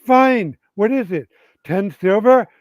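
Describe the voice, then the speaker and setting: A man with a Scottish Highland accent playing a brash, cocky male warrior paladin from a tabletop game. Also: expressive, takes it slowly, no room sound. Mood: defiant. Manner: cocky, defiant. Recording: dull lo-fi sound.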